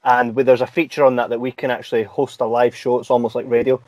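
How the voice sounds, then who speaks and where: A man's voice: medium pitch, level tone, fast talker, darkish tone, no room sound. A man hosting a podcast, chatting casually and eagerly praising his guest's work. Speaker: podcast host. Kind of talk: casual chat. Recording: dull, dry lo-fi.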